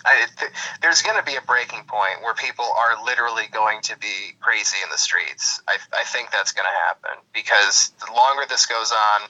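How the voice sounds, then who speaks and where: A man's voice: lowish voice, normal speed, few pauses, sharp tone. A man hosting a podcast over the phone, ranting in a casual, profane, sarcastic way. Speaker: podcast host. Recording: phone call recording.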